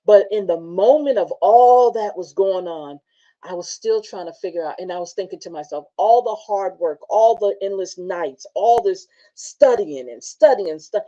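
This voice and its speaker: Warm low-voiced woman telling motivational stories. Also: lo-fi sound. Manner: casual, animated storytelling with frequent laughs. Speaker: motivational show host. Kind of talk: motivational talk with personal stories.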